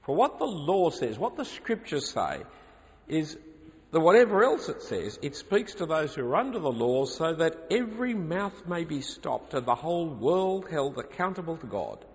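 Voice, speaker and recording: A man's voice: fairly high pitch, sing-song, normal speed. A man preaching a sermon, arguing emphatically with rhetorical questions. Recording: lo-fi, reverberant hall.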